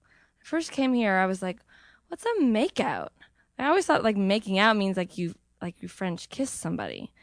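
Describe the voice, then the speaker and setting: A woman's voice: medium pitch, animated, a little fast, no room sound. A woman hosting an event, talking casually with lots of fillers and little laughs. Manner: chatty, frequent fillers and laughs. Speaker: event host.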